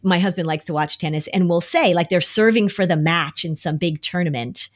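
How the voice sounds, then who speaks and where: A middle-aged woman talks through parenting advice on anxiety in a podcast. Her voice sits fairly low. She keeps slipping into little acted-out quotes, jumping higher and brighter as she plays the worried parent. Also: brisk. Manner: acts out quoted speech with lively shifts. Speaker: anxiety expert.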